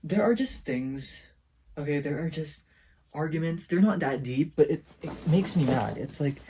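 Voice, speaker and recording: A man's voice: fairly high pitch, moderate pace, mellow, far from the mic, a little hiss or hum. A teenage boy venting in a casual rambling vlog, saying "like" constantly. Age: teens. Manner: rambling, heavy use of "like", venting. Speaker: vlogger.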